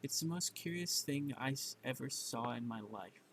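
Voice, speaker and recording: A man's voice: mid-range voice, lively intonation, normal speed, a bit bright, a little hiss or hum, poor audio. A man reading the part of a curious, polite young girl in a bedtime story, stumbling over words and correcting himself. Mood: polite puzzlement.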